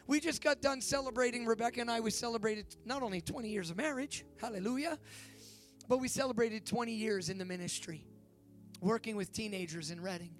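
A man in his forties giving a youth sermon, preaching with rising excitement and leading a fervent prayer. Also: sits high, a little fast, soft background music. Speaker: youth pastor. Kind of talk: sermon with altar call.

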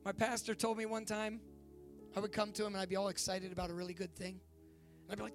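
A man in his forties giving a youth sermon, preaching with rising excitement and leading a fervent prayer. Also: sits high, fast, soft background music. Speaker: youth pastor. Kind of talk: sermon with altar call.

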